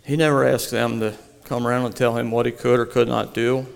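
A man reading a devotional story aloud in a slow, earnest storytelling manner. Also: medium pitch, flat delivery, creaky, smooth. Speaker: narrator. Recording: long hall reverb.

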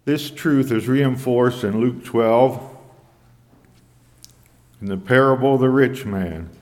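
A man preaching a sermon in a measured way, quoting scripture in old English. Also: mid-range voice, darkish tone, in a large hall.

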